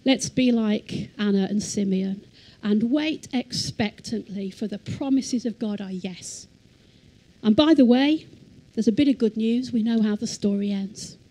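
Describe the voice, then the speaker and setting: A woman teaching in church, reading scripture slowly and emphatically and leading the congregation to repeat lines. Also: mid-range voice, warm tone, rough recording. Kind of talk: sermon. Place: church hall.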